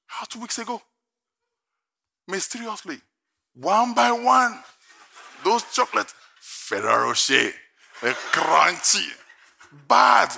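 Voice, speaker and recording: A man's voice: high-pitched, lively intonation, takes it slowly, vocal fry, long pauses, sharp tone. An older man preaching a sermon, telling a humorous personal story and then preaching emphatically from scripture. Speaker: pastor.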